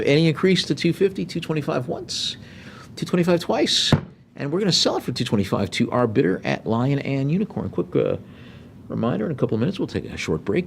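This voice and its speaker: A middle-aged man working as an auctioneer, calling bids briskly with joking asides. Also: mid-range voice, creaky, a little hiss or hum.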